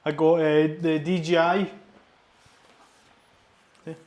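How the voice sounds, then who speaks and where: Speaking slowly, with little pitch movement, a young Scottish man chats about his training in a slightly high, slightly mellow voice. He's a powerlifting vlogger doing casual chat in an indoor gym, rambling and self-correcting, miked with a wireless lapel under his t-shirt.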